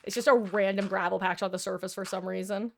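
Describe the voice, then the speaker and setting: A woman's voice: mid-range voice, fairly even intonation, fast, gravelly, slight background noise. A woman streaming a video game, chatting casually with her viewers in a dramatic, talkative way as she plays. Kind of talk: casual gameplay commentary.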